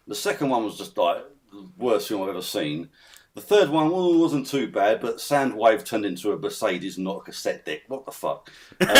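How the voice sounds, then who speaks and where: A man ranting as a guest in a casual podcast chat, swearing often and breaking into laughter. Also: medium pitch. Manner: ranting, swears a lot, laughs mid-rant.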